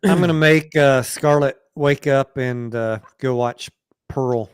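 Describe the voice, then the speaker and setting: A man's voice: medium pitch, slow, clear, resonant tone, no echo, clean studio sound. A man hosting a casual late-night live stream about stocks, talking bluntly and swearing offhandedly. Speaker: stock talk show host.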